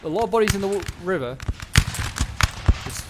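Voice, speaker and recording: Man rambling over loud game gunfire. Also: high-pitched, expressive, brisk, noisy background. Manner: rambling, musing aloud with many fillers. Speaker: gaming commentator. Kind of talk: casual game commentary. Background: game battle sounds, gunshots.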